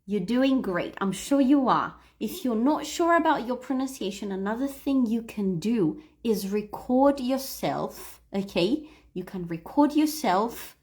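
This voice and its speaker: A woman teaching English in a livestream, coaching listeners to read aloud and repeat, stressing key words slowly and clearly. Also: a little high, animated, a little mellow.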